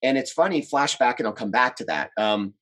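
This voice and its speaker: A man in his forties from the United States, a relationship coach telling animated stories as an interview guest and quoting people in them. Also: medium pitch, a little fast. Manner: animated, chatty, quotes others in his stories. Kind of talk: casual interview storytelling.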